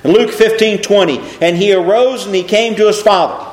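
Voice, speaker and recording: A man's voice: high voice, fairly quick, roomy sound. A man preaching a sermon, reading scripture and asking his listeners rhetorical questions. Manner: animated, asks the congregation rhetorical questions.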